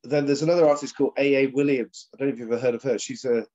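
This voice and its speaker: A man's voice: mid-range voice, steady tone, racing, mellow. Guy drummer rambling thru tour stories, lots of uhs, kinda dull lo-fi call audio. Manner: rambling anecdotes with frequent fillers and laughs. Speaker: guest drummer. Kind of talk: casual interview chat. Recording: dull lo-fi sound.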